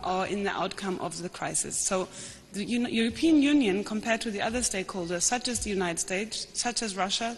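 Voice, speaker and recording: A woman's voice: medium pitch, a little hiss or hum. Woman panelist in a reverberant hall. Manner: analytical, measured, with frequent restarts. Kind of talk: conference panel talk. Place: large conference hall.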